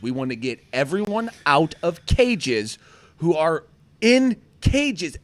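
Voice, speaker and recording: Excitable, laughing livestream host. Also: male voice, on the high side, no room sound. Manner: excitable, laughing, jumps between loud and mumbled asides. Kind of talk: rowdy casual livestream chat.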